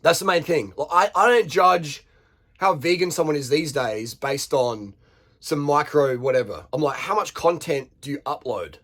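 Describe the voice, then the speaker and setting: With a fairly high, expressive voice, a moderate pace and a fairly bright tone, an Australian vlogger rants to camera off the cuff. He is blunt, swears freely, and fires rhetorical questions at his viewers.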